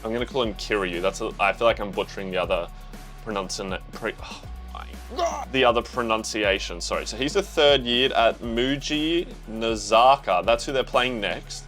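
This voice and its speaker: A young Australian man giving casual, slangy reaction commentary to a manga, talking excitedly to himself and the viewer. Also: lowish voice, a little fast, soft background music.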